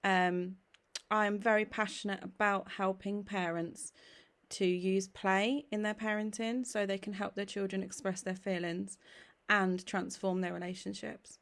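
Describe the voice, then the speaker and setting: Earnest woman with a creaky voice. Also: medium pitch, little pitch movement, measured pace, a bit bright. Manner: earnest, encouraging, frequent "okay?" check-ins and "um" fillers. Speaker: play therapist and parenting trainer. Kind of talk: direct-to-camera parenting talk.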